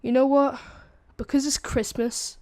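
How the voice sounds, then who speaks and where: Scolding female school principal, sharp and stern, pitched up high, as a young man puts her on. Dry, close sound. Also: level tone, unhurried, no room sound. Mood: relenting.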